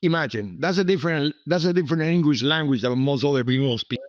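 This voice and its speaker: A man's voice: fairly high pitch, fast talker, dry recording, dull audio. A man in his seventies from Cuba, with a Cuban Spanish accent and Spanish as his first language, telling rambling stories as an interview guest and often asking "okay?". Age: 70s. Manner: rambling, repetitive, emphatic asides like "okay?". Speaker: guest, businessman. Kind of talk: storytelling interview.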